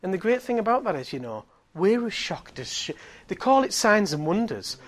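A lively middle-aged preacher tells a story from a sermon in a slightly raised, high-pitched voice at a moderate pace. He swings between hushed, almost whispered moments and loud, excited exclamations.

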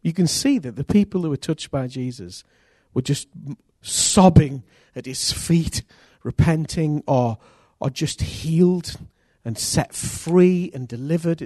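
Earnest pastor preaching. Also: male voice, on the high side, a little slow, few pauses, no room sound, clean studio sound. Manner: earnest and intimate, with sudden loud rises. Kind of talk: sermon.

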